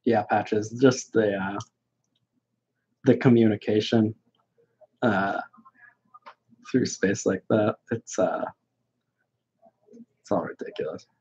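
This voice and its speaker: A young man talking bluntly and mockingly in casual chat as a podcast guest, halting with many restarts, on a dull lo-fi recording. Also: on the low side, fairly even intonation, a little mellow, slightly rough. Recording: dull lo-fi sound.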